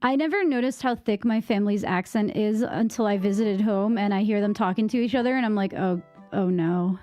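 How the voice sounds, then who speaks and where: A young woman from Massachusetts with a Boston accent, chatting casually with her stream viewers, rambling with lots of fillers, on a boom-arm mic at home. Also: brisk, dark tone, soft background music. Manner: rambling, many fillers and restarts. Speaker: live streamer. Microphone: microphone on a boom arm.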